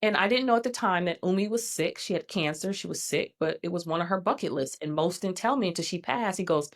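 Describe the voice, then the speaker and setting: A middle-aged woman, a guest in a casual interview, telling her story in a lively way and acting out what people said. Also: on the low side, fast talker. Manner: animated storyteller, acts out quoted dialogue.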